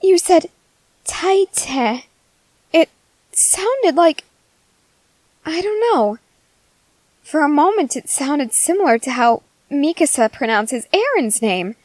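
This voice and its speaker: A giddy, creepily sweet female scientist, as a woman acts her out in an ASMR role-play. Her voice sits high and leaps all over with delight. She coaxes slowly and fondly, recorded close and dry with no room sound. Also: animated, a little mellow, no echo, poor audio. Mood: patient. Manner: gushing, coaxing, cheerfully unsettling.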